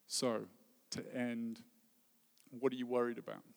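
A man's voice: mid-range voice, little pitch movement, measured pace, creaky. Earnest man preaching in a hall. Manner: earnest, heartfelt preaching with soft dropping phrases. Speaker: worship leader. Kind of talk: sermon. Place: church hall. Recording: long reverb of a hall.

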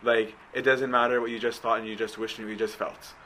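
A man's voice: lowish voice, flat delivery, brisk, bright, forceful tone, a little hiss or hum, low-quality recording. A man giving a conversational sermon, often checking in with his listeners. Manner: conversational, keeps asking right?. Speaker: preacher.

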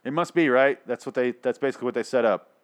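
A man's voice: mid-range voice, fast talker. A man hosting his own show, reviewing a TV episode in an angry, sarcastic rant full of swearing. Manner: heavy swearing, exasperated and sarcastic.

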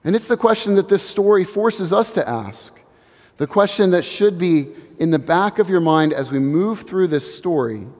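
A man in his thirties delivers a sermon in an earnest, reflective way, letting key phrases fall to a hush. His voice sits a little high. The sound carries the long reverb of a large sanctuary. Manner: earnest, reflective, building slowly to hushed emphasis. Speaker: pastor.

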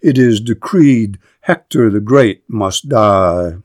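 A man's voice: fairly low pitch, expressive, slow, no room sound. A man reading the part of a proud, scornful Greek warrior in formal verse. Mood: commanding.

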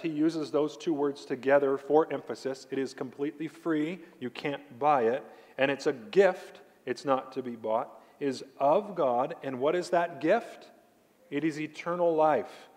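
A man's voice: medium pitch, darkish tone. Emphatic male preacher in a reverberant hall. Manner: emphatic preaching, slowing down to stress key words; addresses the congregation directly with questions. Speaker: pastor. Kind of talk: sermon. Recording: long reverb of a large hall.

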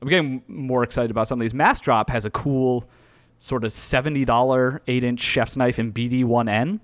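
A man's voice: mid-range voice, normal speed. A man co-hosting a podcast in casual chat, full of "like" and restarts, on a call. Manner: animated, filler-heavy, knife enthusiast talk. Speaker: podcast co-host. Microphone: remote call mic.

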